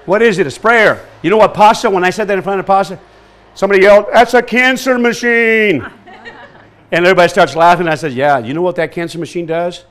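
An energetic man leads a workshop in front of a live audience. He keeps turning questions back to the listeners. His voice sits on the higher side for a man. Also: fast. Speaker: workshop presenter. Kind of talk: lively workshop talk.

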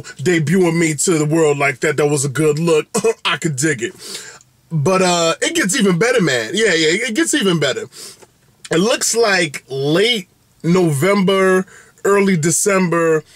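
In clean studio sound with no room echo, a man with a slightly bright voice gives an exuberant, playful vlog update straight to camera as a food reviewer. His pitch swings widely up and down, and he leans on catchphrases.

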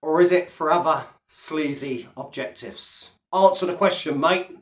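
A man's voice: on the high side, measured pace. A man delivering a taunting video rant, speaking straight to a rival and repeating his jabs. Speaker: vlogger. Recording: roomy echo.

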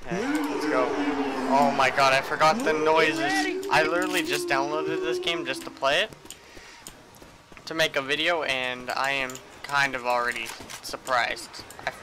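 A young man giving excitable gameplay commentary as a gaming channel host, swearing often and shouting at his teammates. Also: mid-range voice, unhurried, heavy background noise. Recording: loud game audio behind voice.

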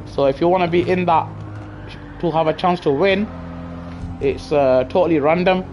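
A man's voice: on the high side, normal speed, lo-fi sound. A man streaming a racing game, casually chatting with viewers and reacting as he drives. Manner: chatty, answers chat, slangy. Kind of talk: casual live-stream chat over gameplay. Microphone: gaming headset. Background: car engine noise and music.

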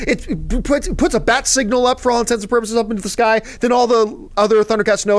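Rapid-fire and high-pitched, this man barely pauses, with slight background noise behind him. He's a show host answering viewer mail in an easygoing chat about movies. Eager and fannish, he rambles and veers into asides.

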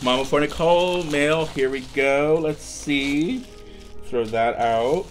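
A young man hosting a casual unboxing vlog, talking in an excitable, gushing way with lots of ums and restarts. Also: a little high, slow pace, soft background music. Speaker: vlogger.

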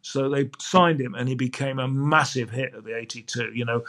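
A man's voice: medium pitch, moderate pace, few pauses. An older man, a sports broadcaster, telling anecdotes as a guest on a podcast interview. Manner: lively, acts out quoted dialogue.

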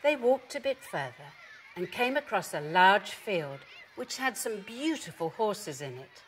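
A woman gently reading a children's story aloud. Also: medium pitch, very animated, measured pace, slight background noise.

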